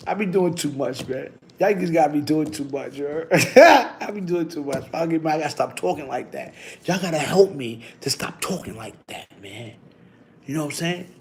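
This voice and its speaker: A middle-aged man hosting a casual livestream, telling loose, slangy stories and giving long runs of shout-outs. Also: a little high, slight background noise. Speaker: livestream host.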